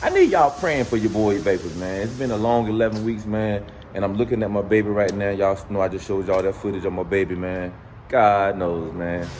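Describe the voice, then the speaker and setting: This casual vlog follows a man from a dealership service area into a car as he chats with viewers at a fairly quick clip. He drawls, says "man" nearly every phrase, and alternates low mutters with excited high exclamations. There's slight background noise.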